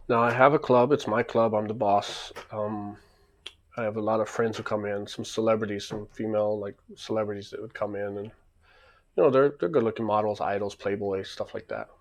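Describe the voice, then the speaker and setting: A man's voice: lowish voice, slight background noise. A man casually telling a rambling story, acting out the back-and-forth.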